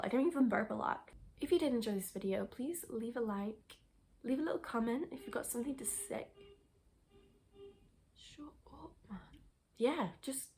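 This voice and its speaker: Chatty young woman with a gravelly edge. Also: on the high side, darkish tone. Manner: chatty, rambling, frequent restarts and fillers. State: out of breath. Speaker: lifestyle vlogger. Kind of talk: casual sit-down chat to camera.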